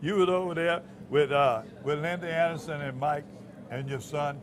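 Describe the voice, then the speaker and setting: A man's voice: a little high, fairly even intonation, noisy background. A man hosting a local talk show, joking and teasing his guests. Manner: jovial, teasing, quick banter. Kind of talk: casual talk-show chat.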